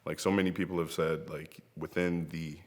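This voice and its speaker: A young professional wrestler, grieving, sits indoors before a camera and pays tribute to a late friend through heartfelt, rambling stories full of laughs. His very deep voice barely moves in pitch, with a normal speed and darkish tone, caught on the camera mic in what sounds like a large hall.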